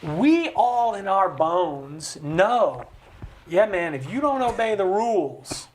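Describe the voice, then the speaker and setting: A man leads a studio conversation. His voice sits high for a man, and he talks in an emphatic, preacher-like way. He acts out the quotes he cites. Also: big pitch swings, slow pace, background noise. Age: 50s. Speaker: host. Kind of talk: conversational podcast talk, preaching-style. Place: recording studio.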